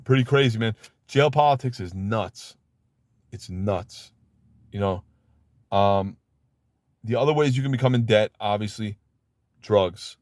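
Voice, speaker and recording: Blunt streetwise man, low dry voice. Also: a little slow, long pauses, darkish tone, no room sound. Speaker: former inmate giving advice. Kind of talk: casual advice monologue.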